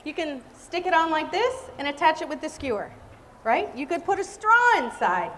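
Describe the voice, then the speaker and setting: High-pitched woman, bubbly cake decorating instructor, echoey hall, light background noise. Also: big pitch swings, normal speed, fairly bright tone. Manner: bubbly, chatty, exclamatory. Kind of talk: live cake decorating demonstration. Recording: reverberant hall with faint noise.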